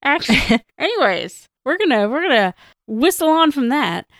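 A woman's voice: sits high, sing-song, moderate pace, no echo, studio quality. A woman hosting a podcast in casual chat, self-deprecating and laughing often. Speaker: podcast host and editor.

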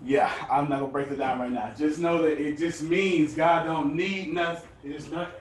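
A man's voice: fairly high pitch, steady tone, normal speed, a little hiss or hum. Man, offhand and teasing, far from the mic in a roomy space. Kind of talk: casual group chat. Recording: roomy, distant call audio.

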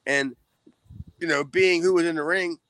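A man's voice: on the high side, fairly even intonation, moderate pace, fairly bright tone, no room sound. A man, a former wrestler guest, chatting casually with rambling restarts, laughs and cussing. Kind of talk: casual chat.

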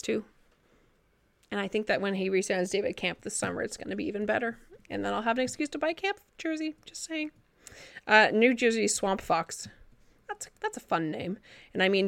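A woman's voice: mid-range voice, gravelly, fairly bright tone, dry recording, studio quality. A young woman chatting casually on a live stream from her living room, answering viewers and swearing now and then. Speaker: livestream host.

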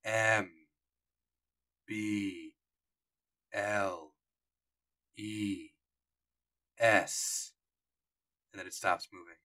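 A man's voice: on the low side, steady tone, extremely slow, long pauses, bright, forceful tone. A man narrating a tabletop horror game as game master, playful and emphatic.

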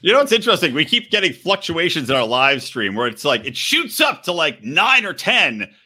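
A man's voice: on the high side, very animated, a little fast, sharp tone, slightly rough. A man in his thirties co-hosting a casual, sarcastic reality TV podcast, swearing freely. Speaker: podcast co-host. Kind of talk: casual comedic chat.

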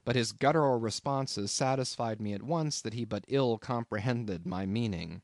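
A man reading a classic novel aloud as an audiobook narrator, in an expressive, dramatic way. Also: medium pitch, normal speed, dry recording, clean studio sound.

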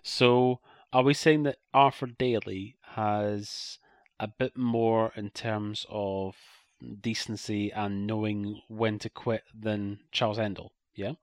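A man's voice: lowish voice, level tone, slow, dry recording. Chatty man co-hosting, dry close sound. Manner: chatty, agreeable, emphatic. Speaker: podcast co-host. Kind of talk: casual podcast discussion.

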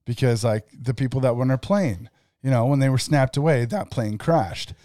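A man co-hosting a casual podcast, relaxed and musing, posing what-if questions. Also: mid-range voice, normal speed, no echo, studio quality. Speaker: podcast co-host. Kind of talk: casual chat.

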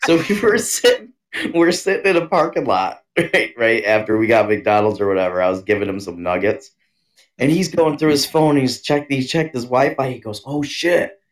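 A man's voice: mid-range voice, normal speed. A man co-hosting a casual podcast, easygoing and rambling, chuckling mid-sentence. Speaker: podcast co-host. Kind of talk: casual chat.

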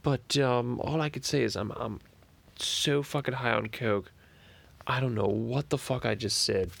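Stewie Griffin, as a man puts him on, gravelly. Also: medium pitch, unhurried, a bit bright, exaggerated voice. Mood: rambling. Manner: rambling, crude, drifting tangents. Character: foul-mouthed rambling cartoon baby boy. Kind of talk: improvised parody monologue.

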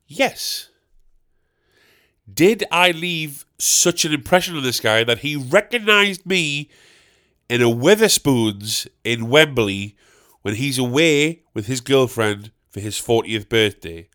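A podcast host tells a meandering, comic story full of swearing, posing questions to himself and then answering them. His voice sits on the high side, with a bright, forceful tone.

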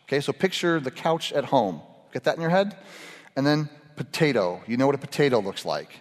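A man's voice: mid-range voice, animated, fairly quick. A middle-aged man giving a casual, humorous sermon to a group. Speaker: pastor. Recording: echoey hall reverb.

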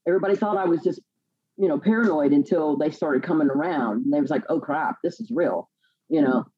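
A woman telling her own life story in a podcast interview, halting and repeating words as she fights back tears. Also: low-pitched, breathy edge, dull audio. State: near tears. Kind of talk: emotional personal testimony.

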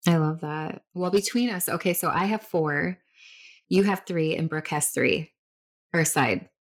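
Woman with a low voice, candid podcast host. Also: animated, unhurried. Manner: candid personal storytelling, many restarts. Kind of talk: casual chat.

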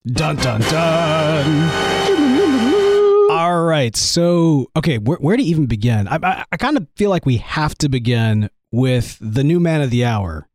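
Brief: man with a weak, sickly voice, pitched a bit high, very animated, hosting a casual fan chat. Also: moderate pace, hardly any pauses, soft background music. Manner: enthusiastic, rambling. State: weak, strained voice from illness. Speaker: podcast host.

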